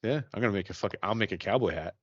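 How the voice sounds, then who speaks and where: A man co-hosting a podcast in casual banter, animated and emphatic, swearing often. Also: on the low side, racing, dry recording, dull audio. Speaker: podcast co-host.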